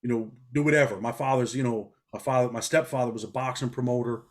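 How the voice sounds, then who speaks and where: A man's voice: medium pitch, fast talker. A middle-aged man from New York, a former prisoner talking bluntly in a casual interview. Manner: blunt, street-talking, animated storytelling.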